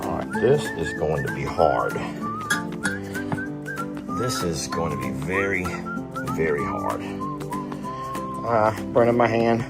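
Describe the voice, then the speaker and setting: A man's voice: extremely low pitch, huge pitch swings, takes it slowly, pauses often, over loud music. Playful, chatty male vlog host. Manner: playful, chatty, self-teasing. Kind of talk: casual vlog chat.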